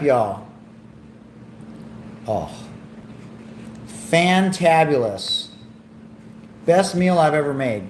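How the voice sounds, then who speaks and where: A man hosting a casual cooking and eating livestream at home, talking in a relaxed, rambling way and getting excited about the food. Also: mid-range voice, slight background noise. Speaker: livestream host. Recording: echoey room with faint ambience.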